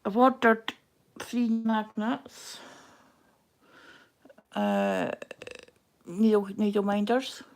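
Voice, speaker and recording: Slow, gravelly woman murmuring to herself. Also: medium pitch, fairly even intonation. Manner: murmurs counts and asides half-whispered to herself. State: flustered and overheated. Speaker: livestream host. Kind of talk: casual self-talk while stitching on a livestream.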